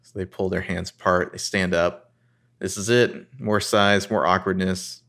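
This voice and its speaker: A man co-hosting a casual podcast, retelling a TV scene and acting out lines with lively rises. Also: deep voice, a little slow, gravelly. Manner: narrates scenes and reads dialogue with animated rises. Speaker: podcast co-host recapping a TV episode. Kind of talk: casual chat.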